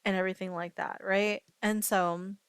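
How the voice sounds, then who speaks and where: A woman streamer tells a meandering story in casual chat, stopping and restarting with plenty of fillers. Her voice sits at a middling pitch and sounds close and dry. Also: level tone, normal speed, smooth, dry recording.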